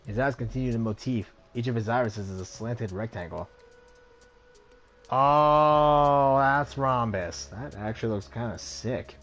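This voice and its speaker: A man's voice: on the low side, a little fast, few pauses, darkish tone, faint music behind. A young man hosting a let's play, reading game text aloud and reacting with casual asides.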